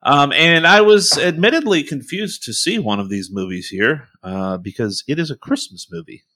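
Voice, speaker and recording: A man's voice: on the high side, lively intonation, normal speed, bright, forceful tone. A man on a podcast panel, giving a wry, hesitant, joking take. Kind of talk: casual podcast chat.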